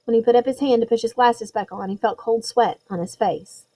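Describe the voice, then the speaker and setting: A woman narrating a storybook chapter in a measured, suspenseful way. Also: fairly high pitch, fairly even intonation, dark tone, rough recording. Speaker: audiobook reader.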